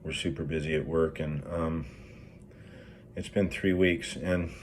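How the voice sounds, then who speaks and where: Deep-voiced grieving man, rambling and profane. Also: fairly even intonation, measured pace, slight background noise. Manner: rambling, profane, many fillers and restarts. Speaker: project manager in recovery. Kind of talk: candid personal vlog.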